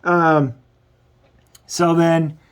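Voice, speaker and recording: A man's voice: a little high, level tone, drawn-out words, clear, resonant tone. A man hosting a comic book review show, retelling the plot in a loose, rambling way with frequent restarts. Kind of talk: casual plot recap.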